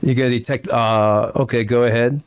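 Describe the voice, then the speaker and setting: A man's voice: medium pitch, fairly even intonation, moderate pace, clean tone, soft background music. Rambling man running a tabletop game. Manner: rambling, restarts often. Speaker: game master. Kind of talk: narrating a tabletop game over a video call.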